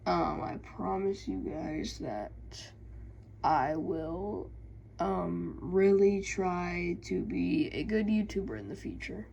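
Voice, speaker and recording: A woman YouTuber reading game lore aloud with casual asides, halting and stumbling over words. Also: lowish voice, lively intonation, vocal fry, dark tone, breathy edge, poor audio.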